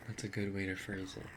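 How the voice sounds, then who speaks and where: A low-voiced man chatting with his viewers on a live stream, slow and meandering, full of fillers and quiet laughs. He slips into a whisper at times. A steady hiss runs under everything. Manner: rambling, with fillers and soft laughs, sometimes whispering. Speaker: ASMR streamer. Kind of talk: casual chat on a live stream.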